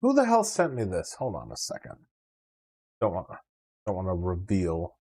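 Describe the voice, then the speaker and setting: A man's voice: sits low, huge pitch swings, moderate pace, a little mellow, husky. A man hosting a casual livestream, reacting with laid-back, profane commentary and laughs. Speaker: livestream host.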